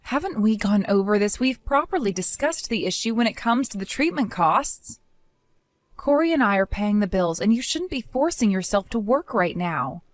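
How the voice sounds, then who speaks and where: Woman acting out a young daughter-in-law, measured, pointedly questioning, lively intonation, dry close sound. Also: mid-range voice, no echo, lightly acted. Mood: firm. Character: patient young daughter-in-law, calmly defiant.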